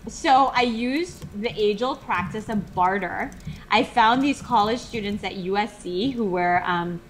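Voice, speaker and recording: A woman in her thirties from Minnesota, speaking to an audience about how she started her business. She is candid and conversational, often joking at her own expense, with frequent fillers and restarts. Her voice sits at an ordinary middle pitch. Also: a bit bright, a little hiss or hum. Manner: conversational, candid, self-deprecating humor with many fillers. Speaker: entrepreneur speaker. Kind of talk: personal story talk. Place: live virtual speaker broadcast.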